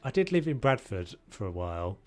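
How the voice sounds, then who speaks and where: A man's voice: lowish voice, sing-song, brisk, a little mellow. A man chatting casually to his viewers as he plays, rambling from one thought to the next. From United Kingdom. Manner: rambling and chatty, talking to chat while he plays. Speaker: streamer. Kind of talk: casual gaming livestream commentary.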